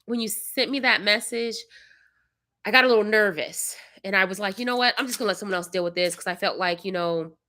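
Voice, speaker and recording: A bright, forceful-sounding young woman tells a long story in casual chat to her livestream viewers. She sounds tired and a bit congested, and she plays the people she quotes with lively, animated delivery. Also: mid-range voice, a little fast. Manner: animated storyteller, acts out quotes, sudden loud outbursts. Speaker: vlogger, mother of young kids.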